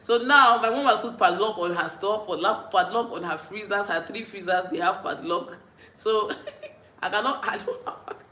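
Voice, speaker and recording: A woman's voice: mid-range voice, moderate pace, pushed and bright, echoey room, low-quality recording. Giggly Nigerian woman chatting on a livestream. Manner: rambling, giggly, full of restarts. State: a bit tipsy and mellow. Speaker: vlogger. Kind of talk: casual livestream chat reading comments.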